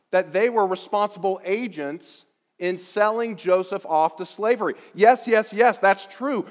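A man preaching a sermon, emphatic and deliberate, repeating key phrases for weight. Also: sits high, long reverb tail. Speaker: pastor.

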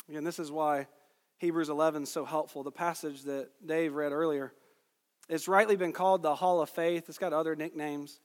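High-voiced man preaching in a reverberant hall. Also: moderate pace. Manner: emphatic, rising on key phrases. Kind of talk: sermon with scripture reading.

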